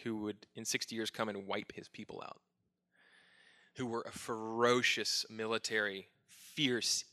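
Man, pastor, middle-aged, sermon, earnest, self-searching, light humor, bright voice. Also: lowish voice.

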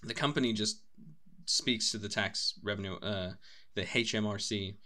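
A man's voice: on the low side, steady tone, moderate pace, sharp tone. A young man casually chatting as a podcast co-host, rambling with lots of laughs and restarts. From United Kingdom.

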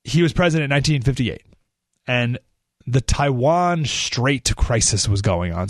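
A man hosts a talk radio show in an animated, sarcastic monologue. His pitch sits mid-range. The sound is dry and close, with no room around it. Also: no echo. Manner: animated, sarcastic, rhetorical questions.

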